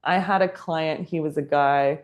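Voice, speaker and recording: A woman's voice: low-pitched, fairly even intonation, a little slow. A woman teaching a yoga teacher training class, explaining in a chatty way and laughing often.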